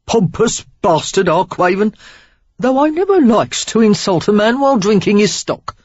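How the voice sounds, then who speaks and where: A man's voice: high voice, very animated, normal speed, dry recording, pitched above the performer's own voice. A narrator voicing a roguish, flirtatious man with a Cockney accent in a novel reading. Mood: teasing. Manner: breezy, slangy, teasing. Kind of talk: audiobook character reading. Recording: dull lo-fi dry recording.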